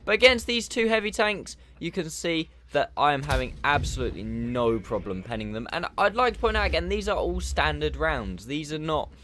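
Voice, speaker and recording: A man giving casual, chatty commentary over a game replay, animated and jokey, talking from a home desk mic. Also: a little high, moderate pace, few pauses, a little hiss or hum. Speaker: gaming commentator.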